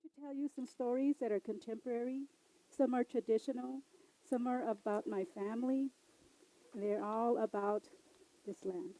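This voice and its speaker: A woman telling traditional and family stories live on stage, lively and expressive. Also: on the high side, low-quality recording. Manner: lively, expressive, varies loud and soft. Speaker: storyteller. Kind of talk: live oral storytelling.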